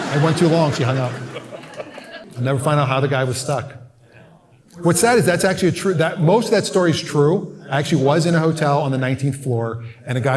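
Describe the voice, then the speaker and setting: A man performing stand-up comedy, telling animated stories and acting out voices and squawks. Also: mid-range voice. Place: live comedy venue with audience. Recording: live stage recording, audience noise.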